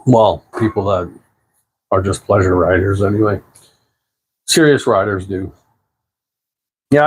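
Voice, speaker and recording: A man, chatting casually on a livestream, rambling and relaxed, with plenty of fillers and the odd swear word. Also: on the low side, slightly rough. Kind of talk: casual livestream chat answering viewers. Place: apartment at home.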